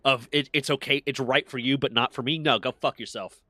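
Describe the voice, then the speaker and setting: A man's voice: mid-range voice, steady tone, brisk, sharp tone, no room sound. A man in casual chat, telling heated stories with plenty of swearing. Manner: profane, heated storytelling.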